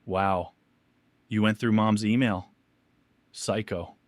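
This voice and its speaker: A man reading a scornful young sister, sneering and dismissive, in a low, dry voice. She brushes off blame flatly. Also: slow, no room sound.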